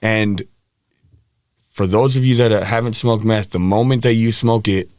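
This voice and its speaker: A man speaking with a lowish voice recounts his past openly as a podcast guest. His talk is frank and meandering, full of restarts. The sound is close and dry, with no room around it. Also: steady tone, unhurried, a little mellow, no room sound. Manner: frank, rambling, with frequent restarts. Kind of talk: candid personal storytelling.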